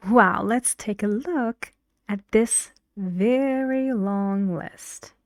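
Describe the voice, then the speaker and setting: Woman teacher, slow, measured, dry close sound, breathy asides. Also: medium pitch, no echo. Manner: slow, deliberate explanations with frequent soft, half-whispered phrases. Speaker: English teacher. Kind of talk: explaining pronunciation in a language lesson.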